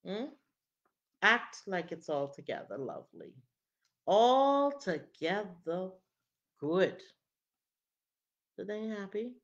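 A woman's voice: lowish voice, big pitch swings, a little slow, pauses often, pushed and bright, lo-fi sound. A woman preaching a dramatic, emphatic sermon and often asking "hmm?" to draw in her listeners.

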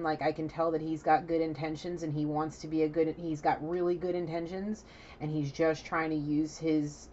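Low-voiced, emphatic woman reader. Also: a little mellow, highs cut off, slight background noise. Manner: emphatic, profane, chatty. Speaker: psychic reader. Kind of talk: spiritual card reading to camera.

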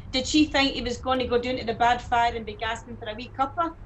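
An actress with a Scottish accent playing a teasing, loud, laughing woman taxi driver in an audio drama. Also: fairly high pitch, brisk, a little hiss or hum, natural voice. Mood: mocking.

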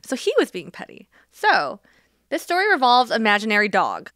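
A woman co-hosting a podcast chats casually and briskly, telling a story with animation and acting out quoted lines by shifting her pitch. The sound is clean studio quality with no echo.

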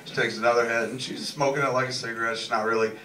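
A man's voice: mid-range voice, fairly even intonation, very fast. A man hosting a live podcast show, telling a rambling, profane comic story on stage in a large cinema. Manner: laid-back, rambling, swears a lot. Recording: echoey hall recorded from far off, with crowd noise. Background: audience laughter and room noise.

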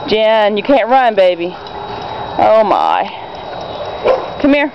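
A woman's voice: huge pitch swings, takes it slowly, pauses often, noisy background. A woman filming her dogs in a yard, cooing and calling to them and chatting to viewers in a casual home video. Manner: coos and calls to dogs in a high sing-song voice. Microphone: handheld camera. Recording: dull lo-fi home video with loud dog barking. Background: dogs barking.

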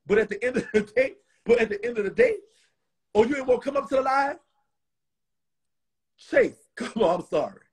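Host, man, Southern US accent, tipsy, high, very husky voice, profane and rambling. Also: expressive, moderate pace, pauses often. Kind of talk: casual live stream chat.

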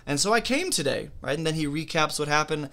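Bright-voiced man teaching a Bible study. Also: a little high, lively intonation, fast talker.

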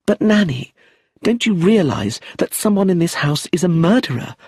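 A man voicing a determined young woman who speaks clearly, in an audiobook. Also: high voice, very animated, normal speed, darkish tone, no room sound, studio quality, voice pushed up, exaggerated voice.

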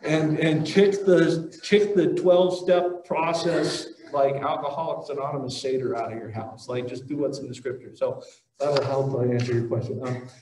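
A man's voice: mid-range voice, fairly even intonation, moderate pace, darkish tone, recorded from a distance, slight background noise. A man giving a casual, joking religious talk at a conference and taking audience questions, with many fillers and restarts. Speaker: conference speaker. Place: conference hall. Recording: roomy hall audio, voice heard from afar.

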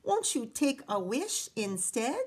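A woman voicing a tiny, clever male leprechaun who pleads in a high, wheedling voice for a storybook reading. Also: very animated, takes it slowly, a little mellow, husky, exaggerated voice. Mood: pleading.

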